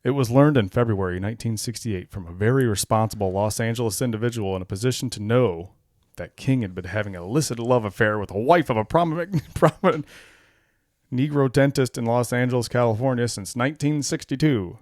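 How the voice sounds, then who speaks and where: A man's voice: medium pitch, fairly quick, no echo, clean studio sound. A man co-hosting a casual podcast chat, reading documents aloud, laughing often and swearing as he gets worked up. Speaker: podcast co-host.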